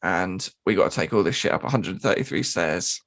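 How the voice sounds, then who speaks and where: A man co-hosting a podcast, telling a gig story in casual chat, swearing and mimicking people in high squeaky voices. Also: expressive, fairly quick, fairly bright tone. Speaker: podcast co-host and drummer.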